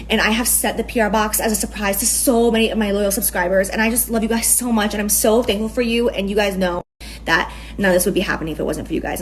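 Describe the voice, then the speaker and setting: A woman's voice: mid-range voice, a little hiss or hum, poor audio. Gushing, giggly woman doing a makeup tutorial. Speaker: beauty influencer.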